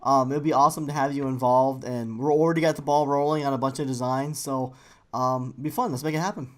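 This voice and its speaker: A woman's voice: a bass voice, fairly even intonation, fast. A woman hosting a casual podcast interview, enthusiastic and rambling as she asks questions. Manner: enthusiastic and rambling, with many fillers. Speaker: podcast co-host.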